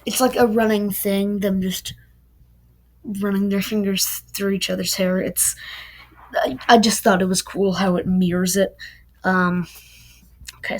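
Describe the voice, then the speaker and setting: A woman's voice: mid-range voice, low-quality recording. A young woman casually reviewing a book, rambling and chatty with many fillers.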